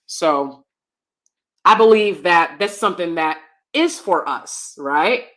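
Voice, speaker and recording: A woman, chatting casually and animatedly with her viewers while laughing often, swinging between loud bursts and soft asides. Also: lowish voice, lively intonation, slow. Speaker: channel host. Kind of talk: casual live-stream chat.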